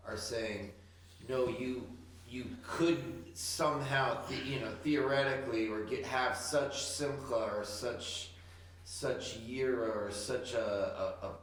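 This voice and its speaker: A man's voice: medium pitch, fairly bright tone. Distant echoey man asking a question. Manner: halting, searching for words. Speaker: student in the class. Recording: distant, very echoey with faint background noise.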